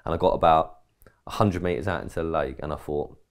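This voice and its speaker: An English podcast co-host with an extremely low voice talks fast, his intonation fairly even. He rambles through an anecdote in casual conversation, voicing quoted dialogue peppered with mild swearing.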